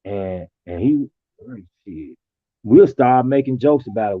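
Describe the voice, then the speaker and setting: A man talking casually and reflectively, telling stories in a relaxed colloquial way. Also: medium pitch, unhurried, no room sound. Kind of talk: casual conversation. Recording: tinny phone-like line.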